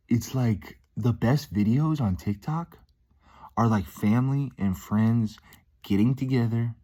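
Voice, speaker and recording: In a fairly low, slightly mellow voice, a male vlogger chats upbeat and rambling straight to camera. "Dude" comes up often, along with frequent "um"s and false starts.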